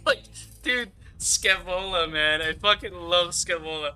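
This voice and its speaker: Gaming streamer, man, fairly high, very bright tone, rambling and giggly. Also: measured pace, faint music behind. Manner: rambling, giggly, swears freely. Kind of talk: casual gameplay commentary.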